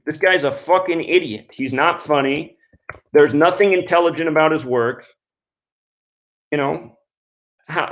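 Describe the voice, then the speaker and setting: A male radio host with a fairly high pitch and fairly bright tone rants on a call-in show, angry, scornful and contemptuous. He swears constantly in a foul-mouthed tirade.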